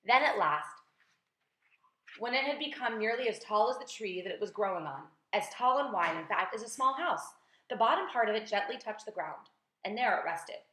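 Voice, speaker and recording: A woman teacher reading a children's book aloud with lively, expressive storytelling. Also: medium pitch, normal speed. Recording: roomy echo.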